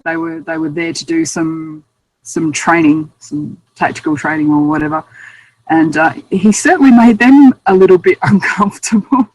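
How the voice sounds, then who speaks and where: A woman's voice: low voice, rough recording. A woman with an Australian accent, a guest author telling travel stories in a chatty, self-amused way. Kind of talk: casual interview storytelling.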